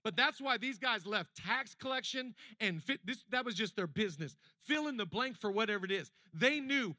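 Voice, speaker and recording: Male pastor, high bright tenor, dry close sound, chatty sermon that swells into emphatic repetition. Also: expressive, moderate pace, dry recording. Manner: conversational preaching that builds to emphatic repetition.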